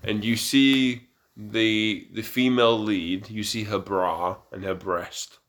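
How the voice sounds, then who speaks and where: Young man, somewhat low voice, tipsy, rambling podcast chat, stumbling restarts. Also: steady tone, takes it slowly, a bit bright. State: tipsy from drinking. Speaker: podcast co-host. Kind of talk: casual chat.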